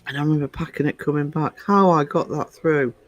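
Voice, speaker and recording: A man's voice: on the high side, brisk, lo-fi sound. A British man hosting a YouTube livestream, chatting casually in a rambling, digressive way. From United Kingdom. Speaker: YouTube channel host.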